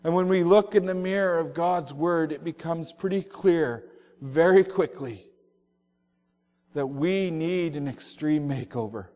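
A male pastor preaching a sermon, telling stories and slowing down on emphatic phrases. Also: fairly high pitch, darkish tone, in a large hall.

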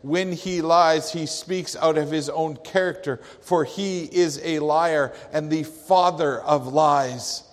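A man's voice: a little high, steady tone, takes it slowly, hardly any pauses. A male pastor preaching a sermon with emphatic delivery, quoting scripture. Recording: long hall reverb.

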